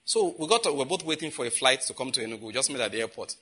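A man's voice: mid-range voice, lively intonation, very fast, pushed and bright, slightly rough. A man preaching a sermon, asking the congregation questions and answering them himself, with emphatic repetition. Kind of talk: sermon teaching.

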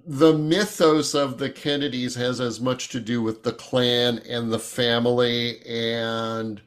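Man, 60s, host, measured questioning. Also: medium pitch, level tone. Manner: leading questions, storytelling. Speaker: podcast host. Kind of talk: casual discussion.

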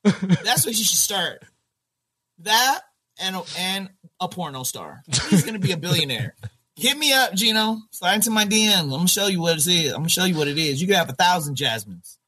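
A man co-hosting a podcast, recapping reality TV in loud, animated, joking casual chat. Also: sits high, brisk, slightly rough. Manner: loud, animated, joking, breaks into improvised silly songs. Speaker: podcast co-host.

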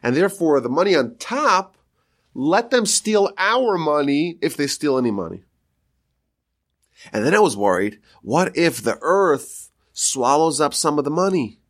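A man's voice: a little high, very animated, a little slow. A man voicing an old father speaking from the afterlife, explaining earnestly.

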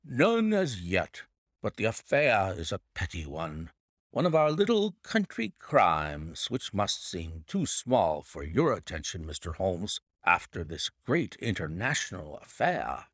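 Male reader playing a bluff hearty colonel, genial and offhand, lively up-and-down voice, a touch higher than the reader's own. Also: a little slow, no room sound, clean studio sound, full character voice. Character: bluff, hearty country colonel, middle-aged.

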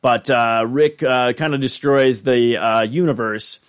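A male podcast host recaps an episode in a loose, rambling way, leaning on fillers and restarting his sentences. His voice sits at an ordinary middle pitch. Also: measured pace, clear, resonant tone.

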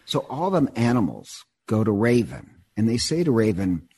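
A man in casual conversation, retelling a myth in an animated, digressive way and often repeating words as he goes. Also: fairly low pitch, normal speed, breathy edge.

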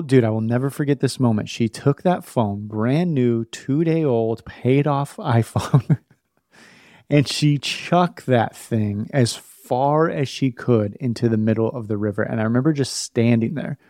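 A man in his thirties with a warm, medium-pitched voice hosts a parenting podcast, heard in a dry studio-quality recording. He tells a personal story candidly and laughs at himself along the way.

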